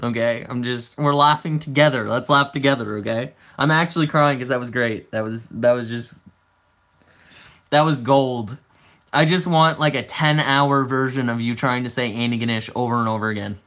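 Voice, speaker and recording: A man's voice: medium pitch, normal speed, fairly bright tone. A man in his twenties hosting a casual livestream, chatting and answering viewer comments aloud. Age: 20s. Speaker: livestream host.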